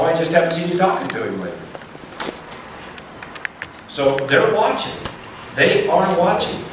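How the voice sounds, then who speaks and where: A man preaching a sermon to men about fatherhood, acting out the voices of a father and son as he tells stories. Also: fairly high pitch. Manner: acts out dialogue in a story. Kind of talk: sermon storytelling. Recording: echoey room from far off, noisy.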